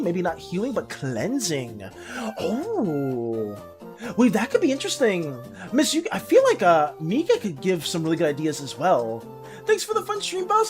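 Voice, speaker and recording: A woman streamer talks casually to her chat in a fairly high voice that leaps up and down. She gets tongue-tied easily, restarts her sentences and keeps apologizing. Soft music plays faintly behind her. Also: big pitch swings. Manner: scattered, trips over words, quick to apologize. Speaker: art streamer.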